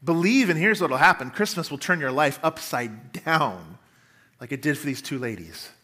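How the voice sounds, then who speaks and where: Bright, high-voiced male preacher. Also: expressive. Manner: emphatic preaching with dramatic pauses, acts out quotes. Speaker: pastor. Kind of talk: sermon.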